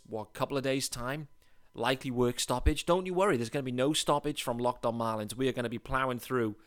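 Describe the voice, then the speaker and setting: A man's voice: medium pitch, clean tone. Upbeat British man hosting a podcast. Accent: British English. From England. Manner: upbeat, chatty, emphatic. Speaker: podcast host. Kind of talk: solo podcast monologue.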